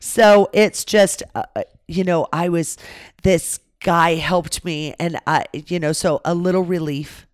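A woman guest casually telling a travel story in a dramatic, animated way, swearing freely. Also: fairly low pitch, measured pace, no room sound, studio quality. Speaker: podcast guest.

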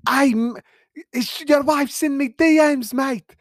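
A man doing a deliberately bad Irish-accented impression of a brash, cocky male fighter trading swaggering taunts. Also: very high-pitched, no room sound, clean studio sound, voice pushed up. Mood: taunting. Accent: exaggerated fake Irish.

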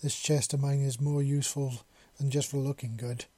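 A man reading a story voices a big scaly male creature who speaks low, soft and purring in a deep, husky voice. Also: steady tone, normal speed, no echo, lightly acted. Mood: purring, teasing.

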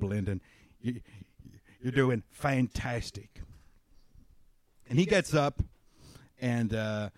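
A young man running a tabletop game as its game master, narrating in a loose, meandering way with lots of filler words. His voice sits in an ordinary middle register. The sound is dry and close, with no room echo. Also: mid-range voice.

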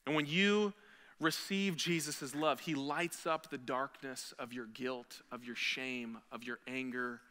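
A man preaching a sermon as a pastor, earnest and building to loud, emphatic peaks. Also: mid-range voice. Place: church sanctuary. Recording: long hall reverb.

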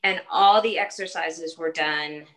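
Fortysomething fitness trainer lady, bright forceful voice kinda low, earnest chat with lots of ums and restarts. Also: unhurried, low-quality recording. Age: 40s. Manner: earnest, talks in short restarting phrases with fillers. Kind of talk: casual podcast interview.

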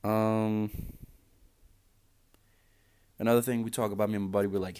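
A man's voice: lowish voice, little pitch movement, moderate pace, pauses often, a little mellow, clean tone. A man hosting a podcast, ranting casually in a sarcastic, exasperated way and swearing freely. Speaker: podcast host.

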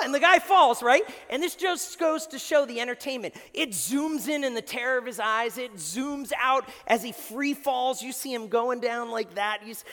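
Pastor, male, lively sermon delivery with loud peaks and quiet drops, bright voice, reverberant church hall. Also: extremely high pitch. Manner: animated, swings from shouting to hushed, acts out quotes. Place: church sanctuary before a congregation.

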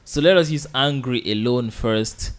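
Patient radio Arabic teacher. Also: male voice, mid-range voice, smooth. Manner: patient, repeats words slowly for drilling, chuckles often. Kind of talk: live radio language lesson.

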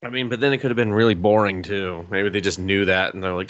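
A man's voice: low-pitched, fairly even intonation, fast, highs cut off. A man co-hosting a casual podcast, cracking sarcastic, swearing jokes and riffing in silly voices. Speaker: podcast co-host. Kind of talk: casual joking banter.

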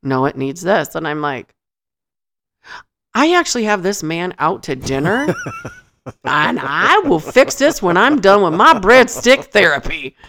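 A woman's voice: lowish voice, big pitch swings, a little slow, fairly bright tone. A woman on a podcast telling a funny story in casual chat, acting out quotes, laughing often and swearing. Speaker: podcast co-host.

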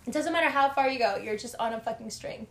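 A woman's voice: a little high, quick pace, roomy sound. A woman chatting casually, telling stories with swearing and frequent laughter. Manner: animated, profane storytelling with frequent laughter. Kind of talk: casual chat.

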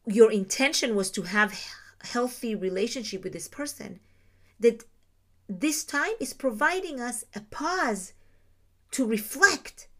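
A woman's voice: on the high side, a bit bright. A woman giving a reflective teaching talk on Jewish ideas, explaining terms and asking her listeners rhetorical questions.

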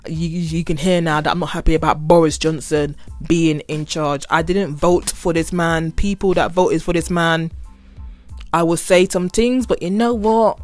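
A woman's voice: low voice, steady tone, moderate pace, a little mellow, no echo, faint music behind. A woman hosting a podcast, venting in a casual monologue with sarcastic, exasperated remarks and repeated phrases. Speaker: podcast host.

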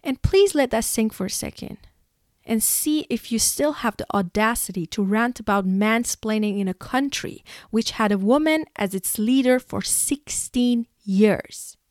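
A woman's voice: a little high, measured pace, darkish tone, no echo, clean studio sound. A young woman from Iran giving an emotional, exasperated opinion monologue as a vlogger, sighing and laughing between points.

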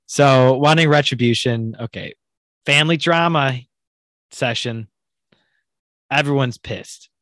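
Excitable man recapping a show. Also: mid-range voice, slow, pauses often, dry recording. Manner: excitable, rambling retelling with laughs. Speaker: podcast co-host. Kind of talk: casual show recap chat.

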